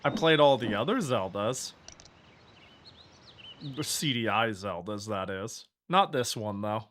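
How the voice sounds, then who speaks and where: Male gaming streamer, bright tone, drawn-out sarcastic delivery. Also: on the low side, animated, slight background noise. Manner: sarcastic, exasperated, laughs and swears. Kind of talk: casual gameplay commentary.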